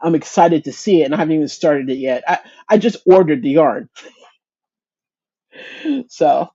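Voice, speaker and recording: A woman's voice: deep voice, moderate pace, dark tone, husky, muffled recording. A woman hosting a casual crochet chat livestream, greeting viewers by name, chatty and self-deprecating, often restarting her sentences. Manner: frequent restarts and stumbles.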